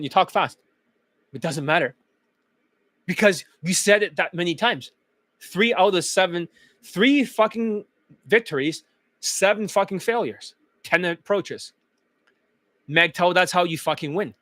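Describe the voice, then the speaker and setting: Male dating coach, higher-pitched, dry sound, pushy and profane, loves repetition. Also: animated, unhurried, long pauses, a bit bright, dry recording. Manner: emphatic, blunt and profane, chanting phrases over and over. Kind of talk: profane motivational coaching monologue.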